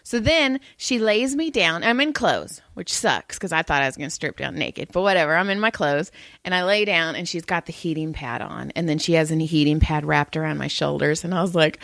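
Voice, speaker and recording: A woman's voice: sits low, animated, fairly quick, creaky, fairly bright tone, no echo. A woman co-hosting a podcast, telling stories animatedly with laughs and swearing. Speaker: podcast co-host. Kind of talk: casual chat.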